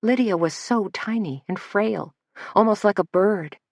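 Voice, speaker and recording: A woman narrating a mystery audiobook in a steady, measured manner on a close studio mic. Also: medium pitch, no echo. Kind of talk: scripted narration.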